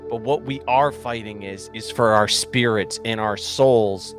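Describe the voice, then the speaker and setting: A man's voice: on the low side, measured pace, faint music behind. A male podcast co-host in casual chat, delivering a tongue-in-cheek rallying speech. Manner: mock-inspirational rallying speech.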